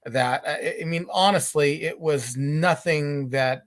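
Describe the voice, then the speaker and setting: A middle-aged man hosting a live podcast chat, talking in halting, rambling sentences full of restarts. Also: fairly high pitch. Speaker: podcast host. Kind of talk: casual live-stream chat.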